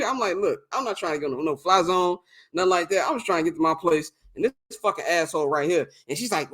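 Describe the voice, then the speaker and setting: This podcast co-host is a young man whose voice sits high and moves quickly. Telling a lengthy, foul-mouthed story in a relaxed way, he gets animated and performs the quoted back-and-forth of everyone involved.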